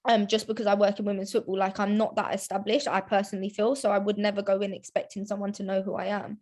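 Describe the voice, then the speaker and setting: A woman's voice: medium pitch, level tone, fast, darkish tone. A young woman, chatting casually as a podcast guest, full of restarts and "like" fillers. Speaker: guest, women's football presenter.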